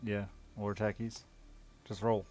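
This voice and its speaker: A man in casual gaming chat, calmly telling a teammate what to do. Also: fairly low pitch, takes it slowly. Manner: calm, gives instructions. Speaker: streamer coaching teammates.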